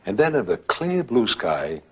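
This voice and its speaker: Older man with a deep husky voice. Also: very animated. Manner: rambling, with dramatic pauses and acted quotes. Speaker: storyteller. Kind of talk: telling a ghost story.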